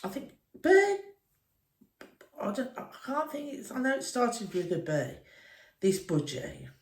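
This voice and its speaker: A flustered old lady, high-pitched and fumbling for her words, as an English woman puts her on. The sound comes from an echoey room. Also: wildly swooping pitch, measured pace, recorded from a distance, heavily acted. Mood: upset. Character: tearful elderly woman mourning her pet.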